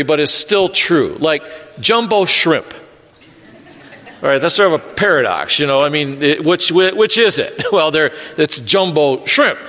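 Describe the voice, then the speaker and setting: High, bright-voiced pastor preaching. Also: male voice. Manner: earnest, repeats words, light humor. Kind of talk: sermon. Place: church sanctuary. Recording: echoey sanctuary reverb.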